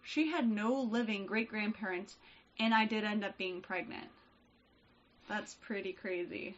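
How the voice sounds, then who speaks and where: Woman podcast cohost, tells stories all animated, does the voices, kinda dull lo-fi sound. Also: mid-range voice, a little slow. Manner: animated storyteller, acts out family quotes, laughs often. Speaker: podcast co-host. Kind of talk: casual chat, reading listener stories.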